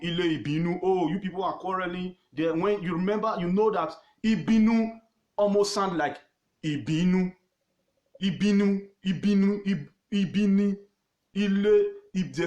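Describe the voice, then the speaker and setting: A man with a Nigerian accent teaching history informally on his own page, emphatic and repetitive, pausing often with fillers. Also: high-pitched, reverberant, dull audio. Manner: emphatic, repeats words, pauses with fillers.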